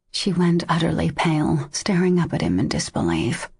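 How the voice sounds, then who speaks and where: A woman narrating a romance audiobook in a steady, measured way. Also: low-pitched, vocal fry, slightly rough, no echo, clean studio sound. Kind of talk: scripted narration.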